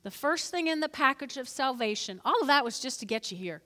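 A high, bright-toned woman preaching from the pulpit, lively and prompting her congregation to repeat lines back to her. Her voice carries with a long reverb around a large church hall. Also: brisk. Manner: lively, calls for congregation responses. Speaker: pastor. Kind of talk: sermon. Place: church sanctuary.

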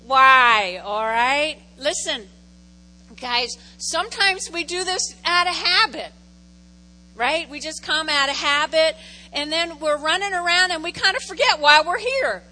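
A woman's voice: sits high, expressive, a little slow, sharp tone, low-quality recording. A middle-aged woman pastor preaching a conversational sermon in a church, telling stories animatedly and repeating phrases for effect. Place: church sanctuary.

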